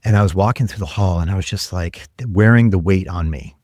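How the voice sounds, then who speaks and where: A man telling work stories as a podcast guest, earnest and energetic, acting out quoted lines. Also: sits low, brisk, no echo. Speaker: guest, tech leader. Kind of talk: conversational podcast storytelling.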